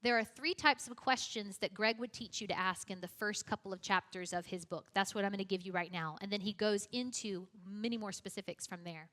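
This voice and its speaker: A woman's voice: mid-range voice, fairly quick, few pauses, a bit bright. A young woman giving a conversational teaching talk, chatty and self-deprecating, with frequent casual asides. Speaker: youth apologetics teacher.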